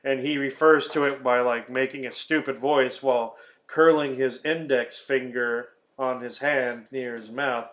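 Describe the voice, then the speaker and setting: A man chats casually as a podcast host, swearing freely and retelling scenes with animated energy. His voice sits in a middle pitch. The recording sounds a little dull and lo-fi. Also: a little slow.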